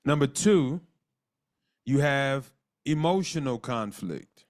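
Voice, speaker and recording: Over call audio, a male church teacher leads a live marriage class in an expressive, ordinary mid-pitched voice. Earnest, he repeats his own words and slows down to dictate lists, spelling terms out letter by letter.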